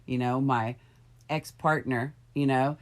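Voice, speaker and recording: A middle-aged woman with a notably low voice, talking candidly about her life. Her manner is reflective, and she turns gentle and supportive when her friend gets upset. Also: steady tone, takes it slowly. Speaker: podcast co-host. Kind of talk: candid casual chat. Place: bedroom, on a bed.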